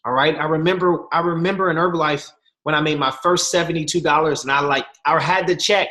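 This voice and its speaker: Man, guest speaker, motivational talk, voices other people when quoting them, slangy, higher voice. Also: quick pace. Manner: animated storytelling with voiced quotes, slangy.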